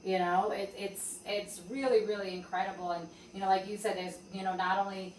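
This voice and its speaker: A woman's voice: mid-range voice, brisk. A woman hosting a casual podcast, telling stories with energy and swearing freely. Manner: lively storyteller, swears freely. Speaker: podcast host and interviewer. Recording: roomy and distant with faint background noise.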